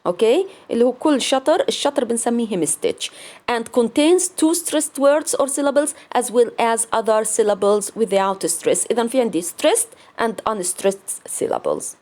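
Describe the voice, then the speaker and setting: A woman with an Arabic accent gives a recorded university lecture. She speaks in a somewhat high voice and explains terms slowly and carefully in English. She often drops into fast Arabic asides to clarify a point. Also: darkish tone.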